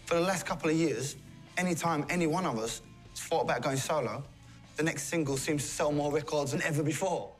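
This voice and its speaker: An actor playing an agitated band member who swears a lot. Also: male voice, on the high side, fairly quick, faint music behind, natural voice.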